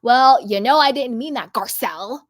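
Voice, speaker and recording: Woman mocking a defensive dismissive woman, loud, fairly high voice, repetitive brush-offs. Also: expressive, normal speed, dry recording, studio quality, close to an everyday voice. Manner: dismissive, repeating herself.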